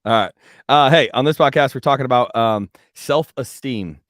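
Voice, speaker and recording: A man's voice: medium pitch, moderate pace, fairly bright tone, dry recording, studio quality. A young man hosting a podcast with his father, chatting casually and cracking teasing jokes. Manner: joking, teasing interjections. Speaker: podcast host, son.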